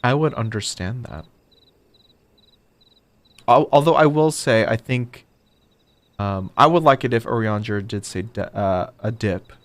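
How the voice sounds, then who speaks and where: A man's voice: lowish voice, animated, unhurried, long pauses, dry recording. Chatty, rambling male streamer. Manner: rambling, chatty, self-mocking. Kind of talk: casual gameplay commentary.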